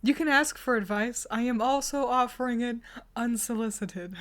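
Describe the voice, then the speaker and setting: A woman streaming live, talking slowly in a fairly high voice. She gives teasing, mock-insulting advice to her chat and keeps breaking into laughs. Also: fairly bright tone. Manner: admits she is bad at whispering. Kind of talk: casual livestream chat.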